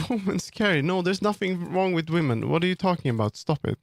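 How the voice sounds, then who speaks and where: A man on a live stream chats with his viewers as he works, earnest and firm. His voice sits a little high for a man. The sound is close and dry, with no room echo. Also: animated, a little fast, gravelly. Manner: talks to viewers while working, firm and earnest. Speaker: livestreamer and 3D model customizer. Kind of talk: casual livestream chat, answering chat.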